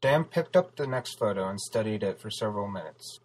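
A man reading a story aloud as narrator, steady and even. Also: on the low side, brisk, slight background noise, low-quality recording. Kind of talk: audiobook narration.

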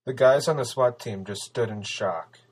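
A man reading a story aloud as narrator, steady and even. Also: mid-range voice, moderate pace, husky, low-quality recording. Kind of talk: audiobook narration.

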